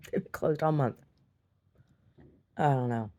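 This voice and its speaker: A woman telling a rambling story in her video diary, chatty and quick to laugh, often repeating herself. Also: very deep voice, warm tone. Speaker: video diarist. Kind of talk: casual storytelling to camera.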